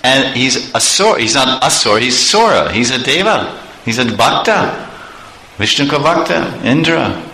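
Guy telling scripture stories, lots of chuckles, bright voice, echoey room w/ faint hum. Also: medium pitch. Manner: animated, chuckling often, conversational asides. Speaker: preacher. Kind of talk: storytelling sermon.

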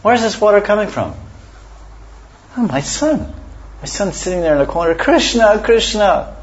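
A man's voice: high voice, expressive, normal speed, voice pushed up. A man voicing a worried mother who anxiously asks why her son is crying. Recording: dull lo-fi recording.

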